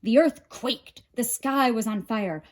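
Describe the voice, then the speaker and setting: A woman librarian reading a picture book aloud with expressive, dramatic narration. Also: fairly high pitch, slow. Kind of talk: storybook read-aloud.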